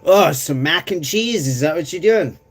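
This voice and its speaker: A man's voice: on the high side, lively intonation, normal speed. A man chatting casually on a live stream, rambling and swearing as he reads chat aloud, with bouts of coughing.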